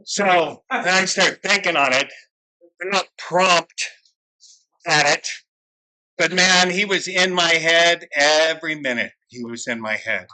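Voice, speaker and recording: Bright-voiced man telling a candid, profane story. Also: on the high side, takes it slowly, poor audio. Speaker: alumni speaker at a recovery meeting. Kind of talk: personal recovery story share. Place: meeting room with a camera following him.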